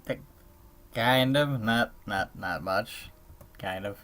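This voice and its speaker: A man's voice: lowish voice, takes it slowly, fairly bright tone. A man acting as game master for a tabletop game over voice chat, teasing the players and stumbling over restarts. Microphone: computer mic on voice chat.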